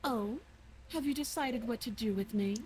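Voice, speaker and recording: An actress voicing a chained, vengeful young princess who threatens coldly and deliberately in a video game. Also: female voice, fairly high pitch, a little mellow, natural voice, low-quality recording. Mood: teasing.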